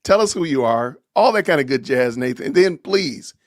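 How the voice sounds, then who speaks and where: A man hosting a livestream podcast, chatting casually with animated, theatrical exasperation. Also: medium pitch, normal speed, dry recording, studio quality. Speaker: podcast host.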